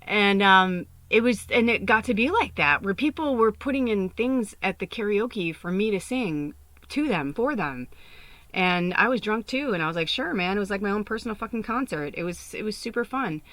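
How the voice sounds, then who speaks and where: A woman's voice: medium pitch, animated, moderate pace, a bit bright, no echo. A woman from Chicago hosting a podcast, telling her own story in a candid, rambling way, full of fillers and casual swearing. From Chicago, USA. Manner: rambling, confessional, lots of "like" and "you know", swears freely. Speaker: podcast host and spiritual medium.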